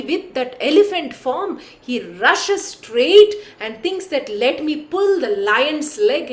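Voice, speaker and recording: Woman storyteller, animated, high voice, roomy echo. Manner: animated, addresses listeners directly. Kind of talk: devotional storytelling.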